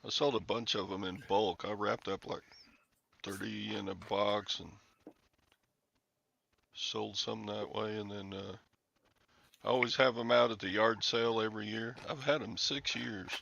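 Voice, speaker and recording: A man's voice: lowish voice, steady tone, a little slow, vocal fry, pauses often, pushed and bright, no echo, muffled recording. A man hosting a casual live-stream chat, rambling through anecdotes and laughing often. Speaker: show host.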